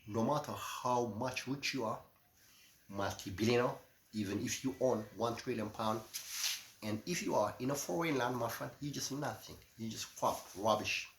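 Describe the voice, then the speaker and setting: A middle-aged man rants at length, swinging between forceful outbursts and muttered asides. His medium-pitched voice bounces around a roomy, echoing space with a faint hum of ambience behind him. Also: moderate pace. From Eritrea. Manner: ranting, repeats "my friend", swings loud and soft. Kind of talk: impassioned monologue. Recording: echoey room with faint ambience.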